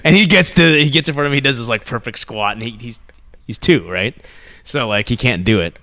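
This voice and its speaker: A man in his thirties co-hosting a podcast, telling animated stories, swearing freely and acting out quotes. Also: mid-range voice, fairly quick, no room sound. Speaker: podcast co-host. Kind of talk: casual chat.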